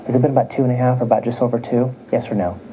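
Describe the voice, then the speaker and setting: A man working as a psychic medium in a private reading, speaking haltingly with fillers and restarts and checking in with his listeners after almost every sentence. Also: mid-range voice, steady tone, dull audio, a little hiss or hum. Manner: keeps checking in with "okay?". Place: home room with small children nearby.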